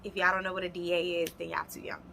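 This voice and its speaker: A woman's voice: fairly low pitch, level tone, very fast, vocal fry, heavy background noise. A young adult woman, animatedly telling a storytime vlog and speaking straight to her viewers. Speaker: vlogger. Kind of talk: storytime vlog, casual chat.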